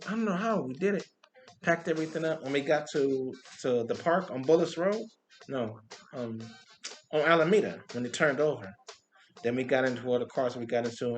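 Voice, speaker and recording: Excited high-voiced man telling street-show stories. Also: slight background noise. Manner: animated, excited storytelling with vocal sound effects. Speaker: street performer. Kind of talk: casual storytelling monologue. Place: Compton.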